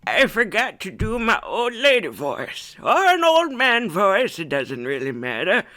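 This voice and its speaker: Woman doing a confused, crude old lady: slow, drawling, with sudden blurts. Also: mid-range voice, huge pitch swings, sharp tone, voice pushed up, exaggerated voice. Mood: doddering. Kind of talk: comic voice impression.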